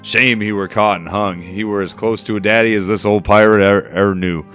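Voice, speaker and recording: A man reading a game journal aloud as a gruff old male pirate captain, in a rough folksy drawl with dropped grammar. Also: fairly low pitch, steady tone, a little fast, fairly bright tone, faint music behind, close to an everyday voice. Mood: gruff reminiscing.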